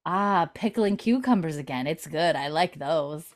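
A woman quoting a teasing, affectionate 18th-century husband in a slightly lowered voice. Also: lively intonation, measured pace. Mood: tender, teasing.

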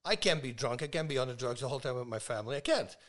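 A man in his fifties, a guest telling stories in casual talk, lively and laughing, acting out the people he quotes. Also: mid-range voice, very fast. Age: 50s. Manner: animated, laughs a lot, acts out dialogue. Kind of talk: casual storytelling.

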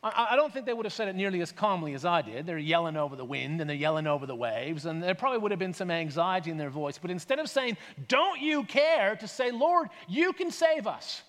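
Man, pastor, sermon, high animated voice, long church reverb. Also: fast, hardly any pauses. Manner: conversational, asks rhetorical questions, acts out voices.

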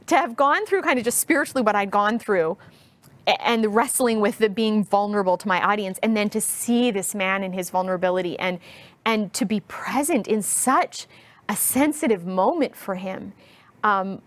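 A woman in her thirties speaks as a guest in an interview, recounting a personal experience. She is earnest and heartfelt, and she takes her time, choosing each phrase with care. Her voice sits at an ordinary middle pitch for a woman. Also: dry recording. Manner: earnest, heartfelt, slow and deliberate.

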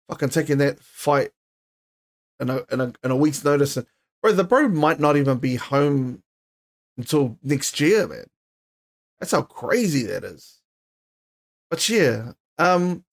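A young man hosting a casual solo podcast, ranting heatedly in slangy, swear-filled talk. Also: on the high side. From New Zealand. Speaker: podcast host.

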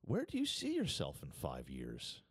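Male interviewer, very lively swooping pitch, dry close sound, eager asides. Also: moderate pace, husky, no echo. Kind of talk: interview conversation.

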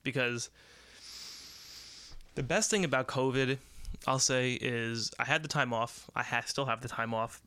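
A man's voice: mid-range voice, measured pace, pauses often, pushed and bright, clear, resonant tone, no echo. A young American man hosting a podcast, telling a rambling, profane story about his job while sick. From United States. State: sick with covid. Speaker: podcast host. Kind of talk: casual storytelling monologue.

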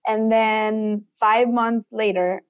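A young woman from Mexico who speaks Spanish natively, a guest telling stories in a casual interview, animated and acting out the quotes. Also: fairly high pitch, slow pace, smooth. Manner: animated, acts out quotes, filler "like". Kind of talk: casual storytelling in conversation.

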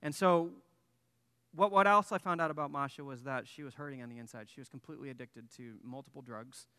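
A man's voice: mid-range voice, fairly quick, pushed and bright, smooth, in a large hall. A man in his thirties, a pastor telling a personal story in a casual sermon, with lots of fillers and restarts. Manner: casual, self-deprecating, many fillers and restarts.

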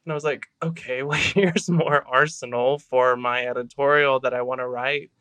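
A man's voice: mid-range voice, steady tone, moderate pace, pushed and bright, clear, resonant tone, no echo. A man co-hosting a podcast, talking candidly in a casual chat, tired but fired up about activism. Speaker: podcast co-host.

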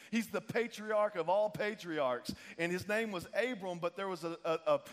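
A man preaching a lively sermon, casual and joking, calling on the crowd to answer back. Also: high-pitched. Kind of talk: lively sermon with call-and-response. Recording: long reverb of a large hall.

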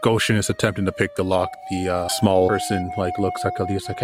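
A man's voice: low voice, little pitch movement, a little fast, hardly any pauses. A man narrating a tabletop game as game master, loose and rambling with many fillers.

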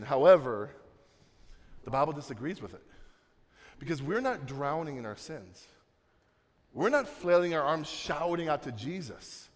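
A young man preaching a sermon, swinging from soft, low passages to loud, emphatic ones. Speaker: pastor. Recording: long reverb of a large hall.

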